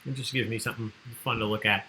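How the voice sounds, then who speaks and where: A man's voice: on the low side, steady tone, quick pace, bright, forceful tone, a little hiss or hum, rough recording. A man hosting an online trivia livestream, chatty and joking as he reads out the answers people sent in. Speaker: trivia host.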